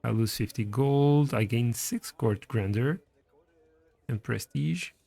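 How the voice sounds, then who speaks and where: A man's voice: mid-range voice, slow, creaky, dark tone, no room sound. A man casually commenting on his strategy game and reading its text aloud as he plays. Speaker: streamer playing a strategy game.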